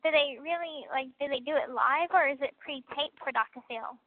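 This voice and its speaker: A woman's voice: sits high, fairly quick. A young woman chatting casually on a prison phone call, laughing often and using lots of fillers. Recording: tinny prison phone line.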